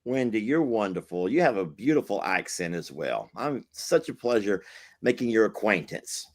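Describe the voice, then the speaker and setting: A man's voice: lowish voice, very animated, moderate pace. A man hosting a casual live chat with callers, teasing them in a folksy way and laughing easily. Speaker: host.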